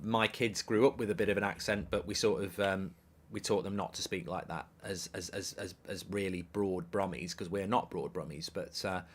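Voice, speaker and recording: A man's voice: low voice, steady tone, moderate pace. A middle-aged man, hosting a live football watchalong, rambling, swearing and reading out viewer messages. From England. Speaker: host.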